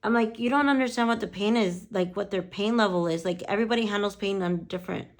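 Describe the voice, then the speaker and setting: A woman's voice: mid-range voice, quick pace. A woman lash artist telling a story in casual chat, swearing freely and quoting conversations with "I'm like".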